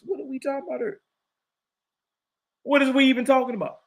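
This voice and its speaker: A man's voice: very high-pitched, fast, pauses often, fairly bright tone. A middle-aged man giving a fiery scripture lesson as a religious teacher, preachy and mocking, confrontational toward his critics.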